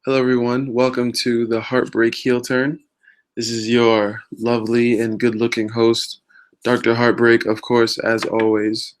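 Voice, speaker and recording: A man's voice: medium pitch, completely flat delivery, unhurried. A man hosting a wrestling news vlog, talking in a rambling, casual way with many fillers and self-mocking jokes. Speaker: wrestling news show host.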